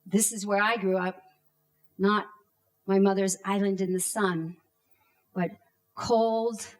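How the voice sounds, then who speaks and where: A woman in her thirties from Canada, telling a personal story on stage in a slow, deliberate way with dramatic pauses and acted-out shouts. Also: medium pitch, fairly even intonation.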